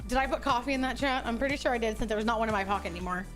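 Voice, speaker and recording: A woman's voice: on the high side, rapid-fire, music in the background. A young woman streaming a game, chatting casually with over-the-top, profane outbursts. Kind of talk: casual game livestream chat.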